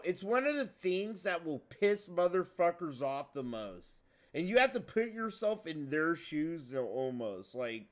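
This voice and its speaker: A man commenting on a gameplay video in casual, profane chat, excitable and swearing often. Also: sits high. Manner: excitable, swears a lot, says bro often. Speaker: streamer reacting to a gameplay video.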